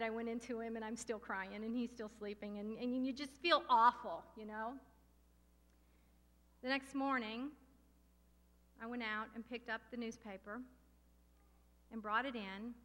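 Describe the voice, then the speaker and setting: A middle-aged woman preaching a sermon with passion and emphasis, slowing down to stress key words. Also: a little high, fairly bright tone. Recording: long hall reverb.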